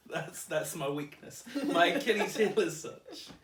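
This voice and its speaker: A man's voice: high-pitched, animated, slow pace, noisy background. A young man chatting casually, rambling and hedging with many fillers and laughs. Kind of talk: casual chat. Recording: roomy, distant mic.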